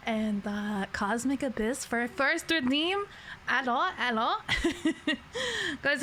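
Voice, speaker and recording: Giggly, sleepy woman streamer with a bright voice. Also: high voice, a little hiss or hum. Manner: giggly, rambling, slangy. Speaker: livestreamer. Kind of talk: casual chat.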